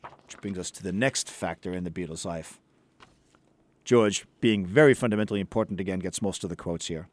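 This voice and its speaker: Low-voiced man telling a story casually. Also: fairly quick. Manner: loose and chatty, with filler ums and uhs. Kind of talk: casual storytelling with read-out quotes.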